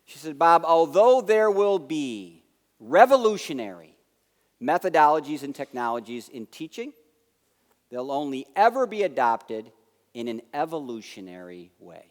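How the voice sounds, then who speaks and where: Animated American man in a reverberant hall. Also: on the high side, moderate pace. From United States. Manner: animated storyteller acting out dialogue, swinging loud and soft. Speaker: keynote speaker. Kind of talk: conference keynote storytelling. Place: large conference hall.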